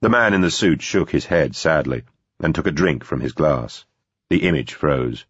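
A male narrator reads an audiobook in a steady, measured way. His voice is very deep and husky. The recording sounds dull and dry. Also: no echo. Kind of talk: scripted narration.

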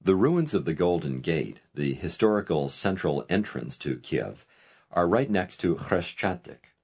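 A man narrating a language course in a scripted lesson style, giving clear, instructive prompts. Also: sits low, very animated, unhurried, a little mellow.

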